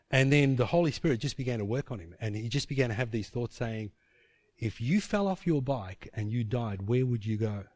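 A man's voice: mid-range voice, no echo, clean studio sound. A man preaching a sermon, telling a personal story in vivid scenes, often restarting his sentences.

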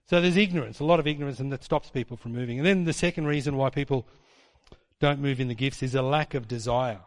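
A man preaching a sermon in a church hall, animated and mocking as he acts out quotes in put-on voices. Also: mid-range voice, fast talker. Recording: long hall reverb.

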